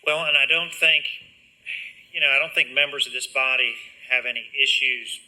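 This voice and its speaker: A county commissioner speaking at a public meeting in a measured, hesitant way, with many fillers. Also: male voice, medium pitch, flat delivery, sharp tone, low-quality recording.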